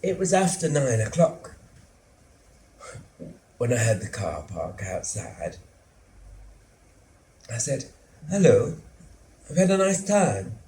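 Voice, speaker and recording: An actor playing a lonely, anxious middle-aged son who lives with his mother, telling his story slowly and drily in a theatre monologue. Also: medium pitch, sing-song, warm tone. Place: theatre stage. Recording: roomy theatre sound, faint hum.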